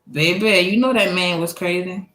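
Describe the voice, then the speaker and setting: A woman from Louisiana, telling a personal story in a casual, animated and profane way, laughing often. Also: on the low side. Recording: echoey room.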